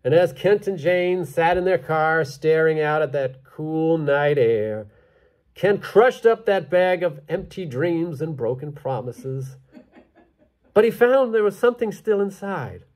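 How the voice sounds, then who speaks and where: A man telling a story live on stage, animated and playful with dramatic pauses. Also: fairly high pitch.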